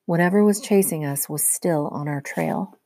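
A woman teacher reading a novel aloud to her class with steady storytelling narration. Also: low voice, moderate pace, dry recording.

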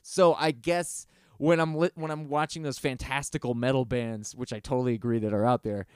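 A man chatting casually on a podcast, rambling and swearing, sometimes mimicking singers in a high mocking voice. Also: steady tone, brisk, clean tone, no room sound, clean studio sound. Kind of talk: casual chat.

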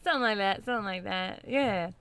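A woman's voice: mid-range voice, quick pace, a bit bright. A woman co-hosting a podcast, chatting playfully and laughing often. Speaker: podcast co-host. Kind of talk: casual chat.

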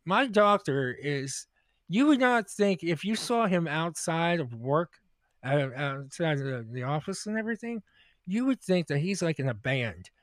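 A man's voice: on the high side, animated, unhurried, fairly bright tone, dry recording. A man co-hosting a casual comedy podcast, telling rambling stories with lots of laughing and restarts. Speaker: podcast co-host.

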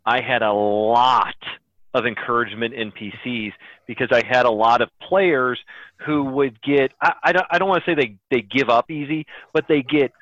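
A man's voice: medium pitch, fairly bright tone, no room sound, lo-fi sound. A man who runs tabletop games, talking thoughtfully on a podcast and correcting himself now and then. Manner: thoughtful, some self-correcting stammers. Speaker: game master. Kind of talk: casual podcast discussion.

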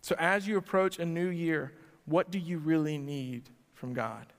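A male pastor preaching to a church congregation, asking them direct questions and swinging between loud emphasis and quiet lines. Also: fairly high pitch, a little slow. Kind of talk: sermon. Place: church sanctuary before a congregation. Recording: long hall reverb.

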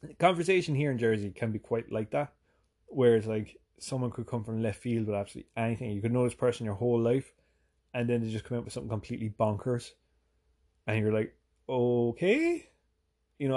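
A man from Ireland with a softened Irish accent, rambling through a casual, profane, self-deprecating vlog monologue. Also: medium pitch, fast talker. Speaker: vlogger.

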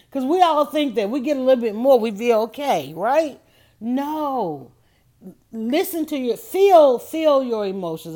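A woman's voice: fairly high pitch, a little mellow. A woman hosting a casual motivational talk, emphatic and preachy, repeating her points. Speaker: host.

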